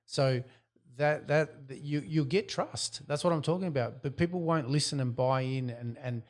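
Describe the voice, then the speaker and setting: A man co-hosting a podcast, speaking in a reflective, conversational way. He works through his points with personal stories and acts out quoted exchanges along the way. His pitch sits in an ordinary middle range. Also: normal speed, darkish tone. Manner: reflective, tells anecdotes with quoted dialogue. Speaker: podcast co-host. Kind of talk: casual business podcast chat.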